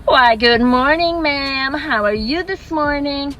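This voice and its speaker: A woman's voice: sits high, takes it slowly, fairly bright tone, faint music behind, pitched above the performer's own voice, rough recording. A woman putting on a mock American accent to play an overly polite, gushing drive-through worker who keeps saying ma'am. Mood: sugary eager. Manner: sugary, eager, calls everyone ma'am.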